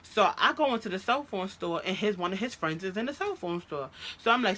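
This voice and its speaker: A woman telling a story about her ex in a storytime vlog, animated and profane, recorded on a phone. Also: medium pitch, a little fast, few pauses. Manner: animated, profane, recounts a fight with heated quoted outbursts. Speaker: vlogger telling a personal story.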